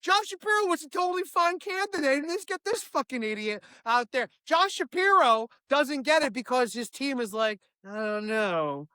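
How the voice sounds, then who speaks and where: High-voiced jokey woman host. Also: no room sound. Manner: animated, jokey, quick to slip into voices. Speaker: comedy show host. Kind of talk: casual comedic chat.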